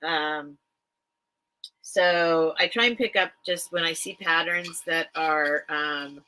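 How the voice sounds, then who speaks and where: A woman's voice: low-pitched, slow pace, bright, forceful tone, low-quality recording. A middle-aged woman hosting a casual live-stream sale from home, chatty and rambling with lots of ums. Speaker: online vintage seller.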